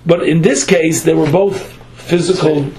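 A man's voice: fairly high pitch, darkish tone, poor audio. A man teaching a text study class. He reads phrases aloud with a pronunciation, translates them line by line, and often halts and restarts. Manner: halting, with frequent restarts.

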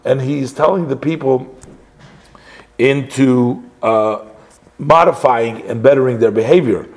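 A man gives a conversational Torah class at a middle pitch. He works through a text phrase by phrase, translating as he goes, and drops in frequent casual asides. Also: a little slow, darkish tone. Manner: conversational, translating phrases line by line, many "you know" asides. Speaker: Torah teacher.

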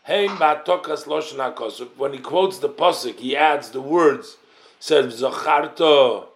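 A man teaching a text study class, reading Hebrew phrases and explaining them in English. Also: mid-range voice. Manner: unhurried, careful explaining. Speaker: Torah teacher.

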